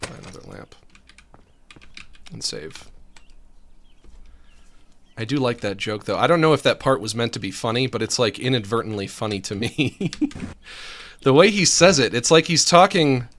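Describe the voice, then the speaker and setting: Animated rambling male streamer. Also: medium pitch, moderate pace, long pauses. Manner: animated, laughs often, mutters to himself while playing. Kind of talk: casual rambling commentary while gaming.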